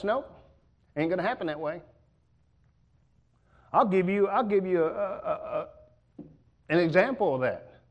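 A man's voice: sits high, muffled recording. A man preaching a sermon in a church, folksy and joking in a conversational way.

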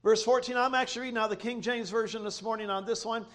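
A man's voice: very high voice, fairly even intonation, quick pace, hardly any pauses, a bit bright. A male pastor from Ohio preaching a sermon with emphatic, rising delivery and call-and-response.

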